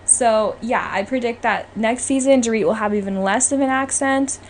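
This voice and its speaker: Young woman rambling gossip on her podcast, a bit high voice, faint hiss behind. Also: moderate pace. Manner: gossipy, opinionated, says "okay?" often. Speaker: podcast host. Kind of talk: casual solo podcast chat.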